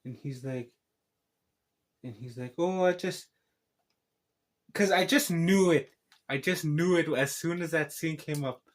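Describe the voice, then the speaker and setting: A man with a slightly higher voice retells a film plot in a loose, rambling way. He keeps restarting his sentences. It sounds like an unscripted review recap. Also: measured pace. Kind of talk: casual spoken film recap.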